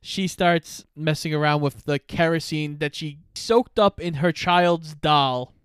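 A man's voice: fairly high pitch, a little slow, clean tone, dry recording. A man co-hosting a podcast, steadily summarizing a movie plot with dry asides. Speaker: podcast co-host. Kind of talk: casual movie recap chat.

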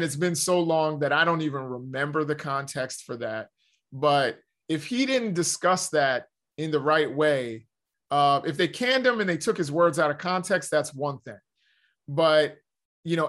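A man's voice: fairly high pitch, a bit bright. A man in casual conversation, talking in a rambling way with many restarts and "you know" fillers. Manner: rambling, self-correcting, frequent "you know".

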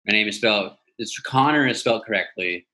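Bright-voiced guy telling a story. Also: fairly low pitch, fairly quick, low-quality recording. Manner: animated, swears freely. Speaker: podcast guest. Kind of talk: casual storytelling chat. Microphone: device mic on a video call.

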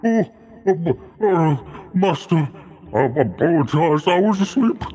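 A man's voice: a little high, very animated, slow, dark tone, slightly rough, soft background music, heavily acted. A man voicing a drowsy, apologetic young servant who fumbles through dreamy excuses. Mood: sheepish.

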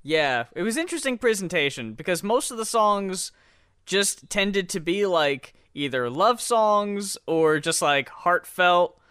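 A man who guests on a casual podcast has a bright, crisp voice with a touch of height. He is recorded dry and close. He speaks in a laid-back way and walks through songs scene by scene. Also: high-pitched, very animated, unhurried, dry recording.

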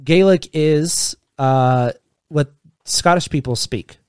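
A young man co-hosts a podcast in loose, joking chat, swearing freely as he rambles. His voice sits slightly high. The recording is dry and close to the mic. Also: slow, clear, resonant tone, no echo. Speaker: podcast co-host. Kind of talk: casual chat.

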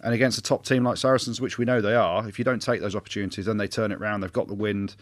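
A man talks rugby on a casual podcast, arguing his case with plenty of energy and quick laughs. His voice sits fairly low. The recording is dry and close, with no room echo. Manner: lively, argumentative, quick to laugh. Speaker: podcast co-host, former rugby fly-half. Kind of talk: casual sports chat.

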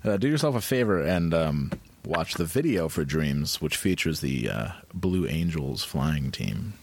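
A man's voice: a bass voice, sing-song, measured pace, slightly rough, no echo. A man co-hosting a podcast in casual chat, laid-back and eager about music. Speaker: podcast co-host.

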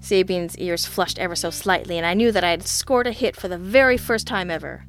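A woman's voice: fairly low pitch, a little fast, few pauses, faint music behind. A woman narrating a first-person hard-boiled detective story in a wry, sardonic, teasing manner. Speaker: audiobook narrator.

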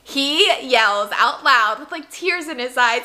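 A woman co-hosting a casual podcast, telling a story in an animated way and laughing often. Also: sits high, takes it slowly, heavy background noise. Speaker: podcast co-host. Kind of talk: casual chat.

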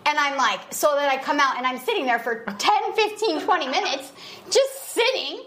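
A woman's voice: sits high, moderate pace, crowd noise. A woman in her thirties, a podcast co-host, telling a casual story and acting out what people said, laughing often. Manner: chatty storytelling, acts out quotes, laughs often. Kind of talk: casual chat.

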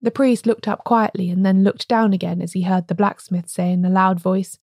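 Woman reading with a mellow tone. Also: medium pitch, little pitch movement, moderate pace, few pauses, dry recording, clean studio sound. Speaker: audiobook reader. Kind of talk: scripted narration.

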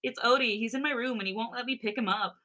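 A woman's voice: fairly high pitch, sharp tone, pitched above the performer's own voice. A woman reading aloud as an embarrassed young man interrupting at a door. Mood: flustered. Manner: hurried, embarrassed. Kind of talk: reading fan fiction aloud.

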